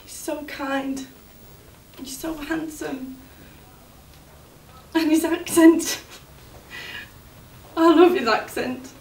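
An actress playing a grieving young fiancée in a stage monologue, speaking in an emotional, halting way. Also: female voice, high voice, steady tone, a little mellow, slight background noise, exaggerated voice. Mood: tender. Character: young woman, grieving fiancée, anxious and devoted. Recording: roomy, distant from the mic.

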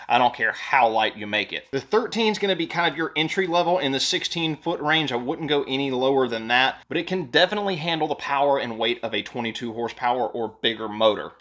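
A man hosting his boat-building video, explaining results casually and then teasing commenters with jokes. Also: medium pitch. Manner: joking, teasing, animated. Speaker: host and jon boat builder. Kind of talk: casual how-to video talk with a comment roast segment.

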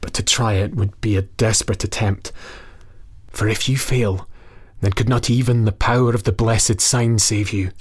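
A man's voice: on the low side, steady tone, normal speed, husky. A man voicing a sorrowful, wrinkled old goblin who was once a mortal, in a storybook reading, wailing and whispering. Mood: hushed warning.

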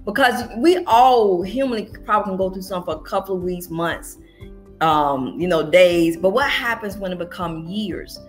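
A woman's voice: mid-range voice, expressive, moderate pace, faint music behind. Earnest middle-aged woman pastor. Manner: earnest storytelling, with restarts. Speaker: pastor and interview guest. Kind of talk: conversational interview.

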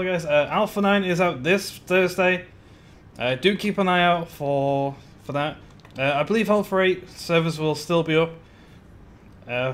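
A man chatting casually on a live stream while building in a game, greeting viewers by name with giggly asides. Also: sits high.

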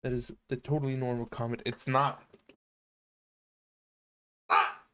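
A young man streaming a game live, rambling and cursing in casual commentary, with sudden shouts. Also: medium pitch, flat delivery, measured pace, smooth. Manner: rambling, profane, sings and shouts in bursts. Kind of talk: casual let's-play commentary. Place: home streaming setup.

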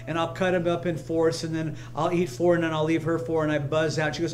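High-voiced emphatic preacher, man. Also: level tone, a little fast, slight background noise. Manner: emphatic, repetitive, personal storytelling. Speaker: pastor. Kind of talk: sermon. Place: church sanctuary, streamed live.

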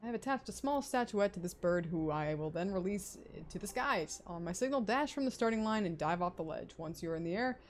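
A woman reading out the lines of a formal male instructor at a knight academy, in her own voice and a little quieter than her usual talk. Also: medium pitch, animated, a little fast, few pauses, slight background noise, natural voice. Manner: read out plainly, a bit quiet. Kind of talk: reading game dialogue aloud. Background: game music.

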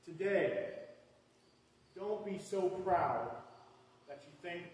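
A man's voice: high-pitched, animated, drawn-out words, pauses often, a little hiss or hum. A man preaching a sermon in a church before a live congregation, talking in a loose, conversational way with many fillers and restarts. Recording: echoey hall from far off.

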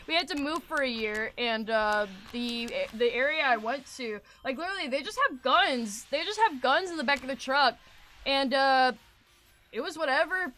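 A young woman streaming a game, talking casually in an excitable, rambling way and swearing often. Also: high-pitched, moderate pace, a little hiss or hum. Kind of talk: casual gaming commentary.

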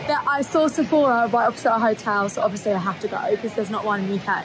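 A young woman vlogging on a trip, chatty and animated as she tells her stories, filmed on a handheld camera. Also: medium pitch, racing. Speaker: travel vlogger. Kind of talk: casual vlog chat. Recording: noisy ambient background.

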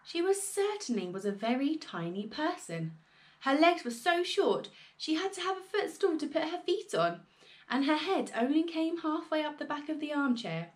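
Lively woman reading a storybook. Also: sits high, normal speed. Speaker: reader of a children's story.

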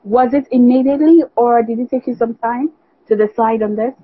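A woman's voice: fairly high pitch, brisk, husky, dry recording, phone-quality sound. A woman radio host asking interview questions, stammering and repeating words as she goes.

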